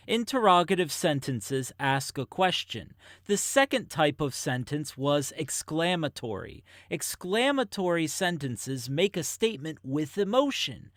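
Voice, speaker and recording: A narrator reads a scripted lesson for a children's educational video, sounding enthusiastic and encouraging as they speak directly to young viewers. The voice is medium-pitched, with clean studio sound and no room sound.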